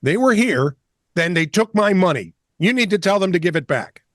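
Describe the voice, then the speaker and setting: Guy doing a ranting fed-up patient on the phone, high and jumpy, bossy. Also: very animated, normal speed, a bit bright, no room sound, studio quality. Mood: indignant. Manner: indignant, ranting, escalating demands. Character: angry demanding hospital patient on phone.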